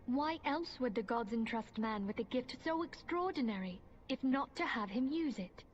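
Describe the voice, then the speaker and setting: A woman playing a solemn, learned female mage in a game cutscene, speaking in a formal, measured way with archaic phrasing. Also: fairly high pitch, expressive, a little hiss or hum, natural voice. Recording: muffled game audio with soft music.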